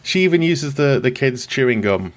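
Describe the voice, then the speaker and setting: A man's voice: medium pitch, animated, moderate pace. A man hosting a podcast, chatting casually and wryly as he recaps a film from his notes. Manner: wry, chatty, laughs at his own jokes. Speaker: podcast host.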